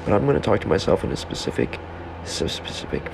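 A man's voice: low-pitched, very animated, quick pace, vocal fry. A man hosting a solo podcast at home, rambling to himself in a self-interrupting monologue, heckling himself as he goes. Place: home room with a fan. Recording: background fan hum.

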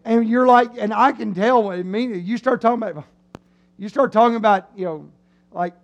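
A male preacher delivers an animated sermon in a church, his voice sitting unusually high. He slips into comic voices to act out his listeners' reactions. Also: moderate pace, vocal fry, dull audio. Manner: animated, acts out voices of the crowd. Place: church sanctuary.

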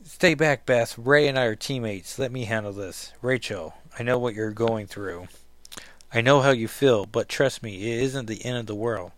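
A man's voice: medium pitch, normal speed, fairly bright tone, slight background noise, natural voice. A man reading as an earnest young heroine. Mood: reassuring. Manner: eager, reassuring comic-book reading. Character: young woman hero, upbeat and earnest.

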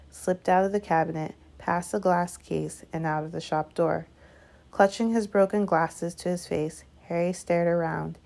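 A woman reading a chapter of a novel aloud in measured, steady narration. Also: lowish voice, creaky. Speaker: audiobook reader. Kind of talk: scripted narration.

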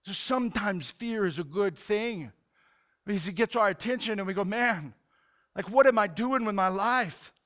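High-voiced, smooth casual preacher man. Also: normal speed, fairly bright tone. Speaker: pastor. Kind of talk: sermon.

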